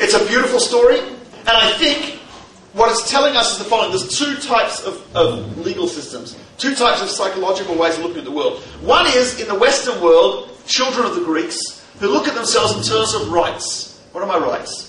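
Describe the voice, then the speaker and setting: A man with a high, bright voice gives a lively teaching talk with a story, joking and asking his listeners questions. He is picked up from some distance away in an echoey hall. A faint background hum sits under his voice. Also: fairly quick. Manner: humorous, conversational, asks the audience questions. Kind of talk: lecture with storytelling.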